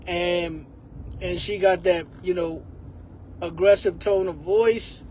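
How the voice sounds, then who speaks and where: A man's voice: sits high, steady tone, takes it slowly, a little mellow, a little hiss or hum. A man giving a rambling comedic monologue, laughing often.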